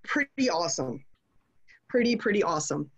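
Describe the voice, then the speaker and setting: A woman's voice: lowish voice, big pitch swings, moderate pace, husky. A woman giving a casual online class, talking in a chatty, digressive way that slips into rants. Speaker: class presenter. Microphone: video call.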